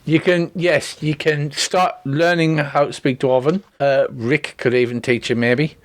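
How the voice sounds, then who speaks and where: A man narrating and chatting as game master of a tabletop game, relaxed and joking with many ums and restarts. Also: on the high side, unhurried, a little hiss or hum. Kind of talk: running a tabletop game over voice chat.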